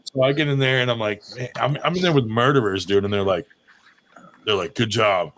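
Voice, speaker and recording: Brief: man, mid-pitched, rowdy anecdote teller, swears freely, does voices in his stories. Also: brisk, fairly bright tone, a little hiss or hum. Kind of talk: casual profane storytelling.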